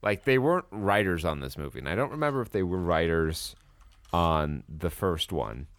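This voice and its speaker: Lively low-voiced man reviewing a movie. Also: moderate pace, dry recording. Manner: animated, swears casually, acts out trailer lines. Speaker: podcast co-host. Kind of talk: casual movie review chat.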